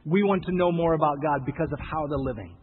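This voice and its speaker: A man's voice: a little high, quick pace, slightly rough. A man preaching a sermon in a conversational, emphatic way, repeating phrases and acting out quoted voices. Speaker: pastor. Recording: tinny phone-like sound with long hall reverb.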